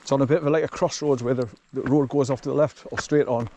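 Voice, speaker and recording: A man rambles cheerfully as he walks a forest track, chuckling to himself between remarks. He speaks at a middling pitch into a camera he carries. A faint wash of outdoor noise sits behind him. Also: fairly even intonation, fast, warm tone. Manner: rambling, chatty, chuckles often. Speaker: vlogger walking his dog. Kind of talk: casual walking vlog commentary.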